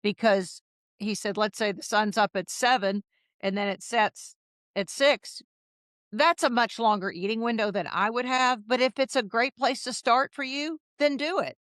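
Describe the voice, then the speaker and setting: A woman in her fifties, a guest on an interview podcast, who tells her stories in a lively way and acts out the dialogue. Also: a little high, normal speed, no echo, clean studio sound. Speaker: podcast guest, health coach. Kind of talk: casual interview storytelling.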